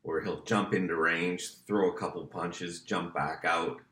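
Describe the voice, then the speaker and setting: A man's voice: deep voice, steady tone, a little slow, pushed and bright, echoey room. A man co-hosting a podcast, breaking down a fight in casual, eager chat. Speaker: podcast co-host.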